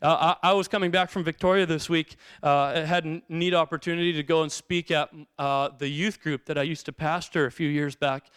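A middle-aged male pastor giving a sermon with lively storytelling, acting out the people in his stories. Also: fairly high pitch, fairly quick, few pauses, clean tone, dry recording, clean studio sound. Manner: storytelling, acts out quotes in bursts.

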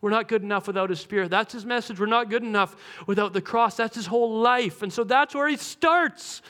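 Bright-voiced high man preaching. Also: brisk. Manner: animated, voices comic characters. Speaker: pastor. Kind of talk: sermon.

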